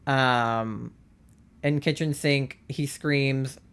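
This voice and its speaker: A streamer chatting on a live stream in an earnest, gushing way. The talk rambles, with "like" in almost every breath. The voice sits in an ordinary middle pitch. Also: fairly even intonation, very slow, fairly bright tone, smooth. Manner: rambling, says "like" constantly. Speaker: livestreamer. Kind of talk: casual chat.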